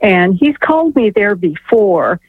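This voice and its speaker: A woman's voice: medium pitch, very animated, a little slow, husky, no room sound. A woman calling in to a radio show, telling a story in a chatty, earnest way with lots of fillers. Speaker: caller. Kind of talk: rambling call-in story. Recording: tinny phone line.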